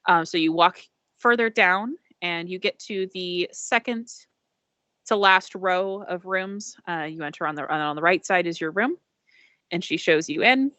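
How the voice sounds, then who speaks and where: A woman's voice: lowish voice, a little slow, bright, forceful tone, dry recording. Chatty woman narrating as game master. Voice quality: chatty, full of fillers. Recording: dull lo-fi dry sound.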